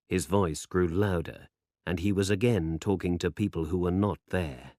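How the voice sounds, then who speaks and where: A man narrating a story for English learners in a measured, deliberate manner. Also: deep voice, mellow, no room sound, clean studio sound.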